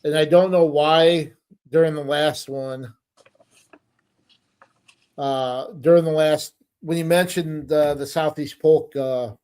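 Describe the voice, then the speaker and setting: A man's voice: on the high side, fairly even intonation, takes it slowly, pauses often, a little mellow, clear, resonant tone. A middle-aged man co-hosting a podcast, telling stories in a rambling, hesitant casual chat. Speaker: podcast co-host.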